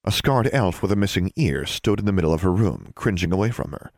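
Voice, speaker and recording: A man giving measured scripted narration of an audiobook. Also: low voice, lively intonation, a little mellow, no echo, studio quality.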